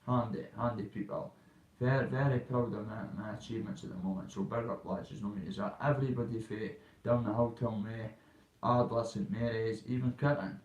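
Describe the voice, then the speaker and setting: This Scottish vlogger, a man in his thirties with a Dundee accent, talks fairly quickly in a lowish, steady, slightly mellow voice. His casual monologue is blunt and rambling, full of local slang, recorded off-mic in a roomy space that cuts off the highs.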